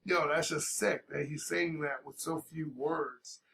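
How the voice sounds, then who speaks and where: Gravelly laid-back man reacting to a rap song. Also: a little high, steady tone, pushed and bright, slight background noise. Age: older adult. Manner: laid-back, talks over paused music with fillers. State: sick, coughing. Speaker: reaction video host. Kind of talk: casual reaction commentary. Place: at home.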